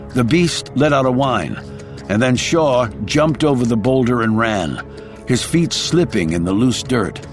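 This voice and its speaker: A man reading a thriller audiobook in a dramatic storytelling voice. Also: mid-range voice. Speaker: audiobook narrator. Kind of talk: scripted thriller narration.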